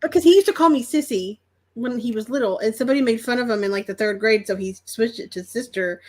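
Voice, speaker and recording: A woman's voice: fairly high pitch, quick pace, a little mellow. A woman co-hosting a casual chat, telling stories in an amused, chatty way. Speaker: co-host.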